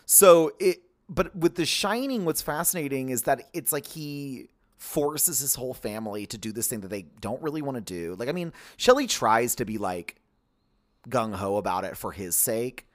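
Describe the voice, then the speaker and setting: Animated young man chatting on a podcast. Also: mid-range voice, normal speed. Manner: animated, rambling, heavy use of filler words. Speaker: podcast co-host. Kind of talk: casual podcast chat about films.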